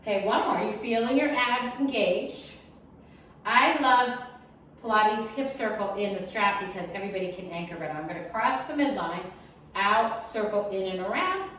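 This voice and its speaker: A woman's voice: medium pitch, lively intonation, normal speed, a bit bright. A woman leads a Pilates class, calling out inhales and exhales and counting reps. She keeps it chatty and encouraging, with small asides. Her voice rings in a very echoey room, picked up from a distance with faint noise behind. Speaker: Pilates instructor. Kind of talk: guided exercise class cueing.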